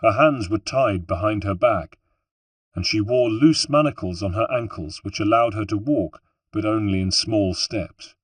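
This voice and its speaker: A man narrating an audiobook in a steady, measured way. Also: lowish voice, no echo, far from the mic. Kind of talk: scripted narration.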